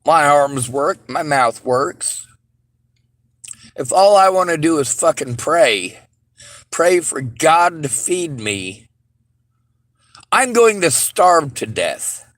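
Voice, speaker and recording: Bitter man ranting on camera, higher-pitched voice, lots of swearing. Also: lively intonation, takes it slowly, long pauses, no room sound. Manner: bitter, heavy swearing, rising to shouts. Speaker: vlogger. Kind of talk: angry monologue to camera.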